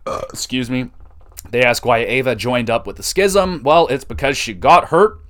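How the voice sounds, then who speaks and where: A man hosting a podcast, recapping wrestling shows in a casual, excitable way and swearing freely. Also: mid-range voice, moderate pace. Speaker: podcast host.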